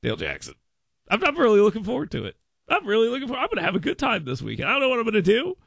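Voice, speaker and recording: Man, radio host, high lively voice, gravelly edge, dry studio sound, excitable, jokey. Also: racing, no room sound. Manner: excitable, mock-dramatic, repeats words. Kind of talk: comedic radio talk.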